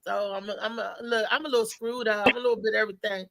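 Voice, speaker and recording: A woman's voice: mid-range voice, racing, creaky. A woman hosting a live talk show, chatting casually and telling rambling stories with a lot of laughter. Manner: animated rambling storyteller, laughs often.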